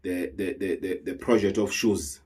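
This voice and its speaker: A South African traditional healer speaks heatedly and earnestly to camera in an emotional monologue, repeating words and mixing in Zulu phrases. His voice is low-pitched and a little mellow with a breathy edge, steady in tone and moderate in pace.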